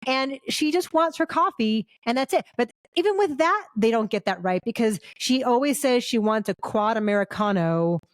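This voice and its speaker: Female film critic co-host, wry and blunt, fairly high voice, dry sound. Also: expressive, normal speed, hardly any pauses, dry recording. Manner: blunt, wry, swears casually. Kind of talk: casual movie review chat.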